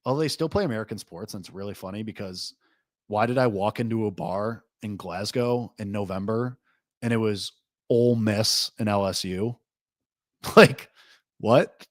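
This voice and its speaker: A man hosting a live sports betting reaction show, talking loosely and rambling, full of "like", with excitable jumps and low asides. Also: normal speed, no room sound. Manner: rambling, loose, heavy use of "like"; excitable swings between lively and low asides. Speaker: host.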